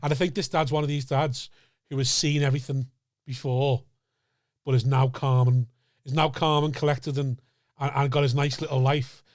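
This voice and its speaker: A man, co-hosting a podcast and telling a story in casual chat, animated, sweary and full of repeated words. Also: medium pitch, normal speed, no echo, clean studio sound. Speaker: podcast co-host.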